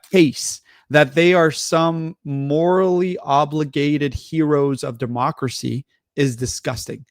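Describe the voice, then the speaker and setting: A man with a fairly high voice rants scornfully and profanely as a podcast co-host. The sound is dry and close. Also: no echo. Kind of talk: casual political rant.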